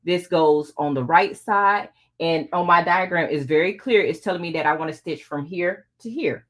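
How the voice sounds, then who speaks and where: A middle-aged woman hosts a casual live quilting tutorial, chatting with her viewers as she sews. Her voice is fairly low and a bit bright, and she speaks at normal speed.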